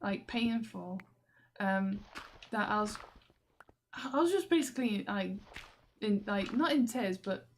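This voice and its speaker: A woman's voice: mid-range voice, unhurried, pauses often, slight background noise. A young woman, rambling and exasperated in a video diary, laughing often. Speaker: vlogger. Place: walking through a station.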